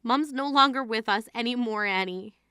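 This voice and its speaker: A woman's voice: on the high side, normal speed, bright, forceful tone, clean tone, no room sound, studio quality. A woman voicing a grieving adult sister who scolds her sibling in an exasperated, indignant way, in a dramatized text-message story. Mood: stern.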